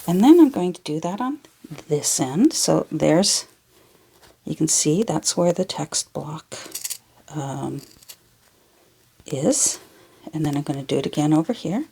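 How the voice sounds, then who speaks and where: A woman's voice: sits low, expressive, a little slow, creaky, long pauses, mellow, a little hiss or hum. A Canadian woman chatting casually as she works on a craft project in her home studio, rambling and wandering off on tangents. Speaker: junk journal crafter. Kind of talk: casual chat while crafting.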